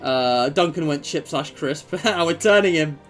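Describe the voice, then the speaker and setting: Chatty young male streamer, fairly high voice. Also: unhurried, a bit bright, soft background music. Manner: rambling and joking, many fillers. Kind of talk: casual chat.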